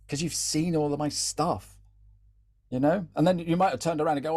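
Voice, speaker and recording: A chatty man runs a live training talk on social media content. His voice sits a little higher than most men's. He repeats words as he goes and keeps checking in with "yeah?". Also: fairly even intonation, moderate pace, darkish tone.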